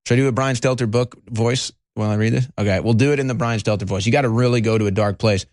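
A male talk show host rambles through political commentary in an easy, conversational way and speaks directly to his listeners. His voice sits at an ordinary middle pitch. The sound is dry and close, with no room in it. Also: fairly even intonation, fast, a little mellow, no room sound.

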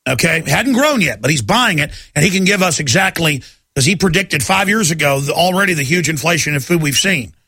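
Gravelly, bright-voiced ranting radio host. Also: male voice, a little high, animated, fairly quick, dry recording. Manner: ranting, emphatic, many restarts. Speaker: radio talk show host. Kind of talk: talk radio monologue. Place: radio studio. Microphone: studio microphone.

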